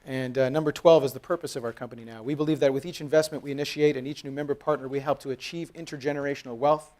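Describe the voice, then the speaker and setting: A man's voice: mid-range voice, racing. A man in his thirties from Canada giving a conversational, storytelling keynote talk at a conference as a company co-founder. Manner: lively, conversational, acts out dialogue with raised voice. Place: conference hall.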